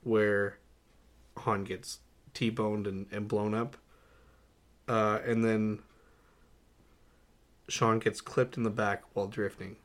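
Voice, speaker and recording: A young man co-hosting a casual movie podcast, going through his notes with lots of "uh"s, laughing often and getting animated. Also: on the low side, slow pace, pauses often. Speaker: podcast co-host. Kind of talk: casual movie-review chat.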